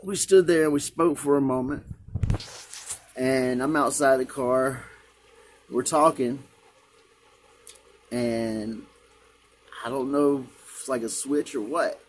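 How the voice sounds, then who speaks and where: A man's voice: mid-range voice, fairly even intonation, takes it slowly, pauses often, a little hiss or hum. A man earnestly recounting a personal religious experience, rambling and repeating himself as he talks. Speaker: vlogger. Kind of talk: emotional personal testimony.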